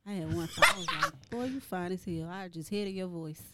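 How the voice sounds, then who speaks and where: A woman guest in casual banter, sassy and laughing, talking fast. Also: on the low side, lively intonation, very noisy.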